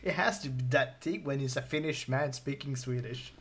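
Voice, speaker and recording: A man's voice: medium pitch, normal speed, a bit bright, faint music behind. A man streaming a game, chatting casually and rambling, joking and laughing at his own impressions. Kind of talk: casual chat over gameplay. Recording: game and vehicle noise behind.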